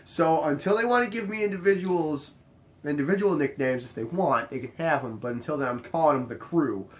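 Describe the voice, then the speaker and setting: A young man casually telling a bartending story, acting out each exchange with sudden jumps up in his voice. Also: a little fast. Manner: animated, acts out the dialogue, jumps high in pitch when quoting others.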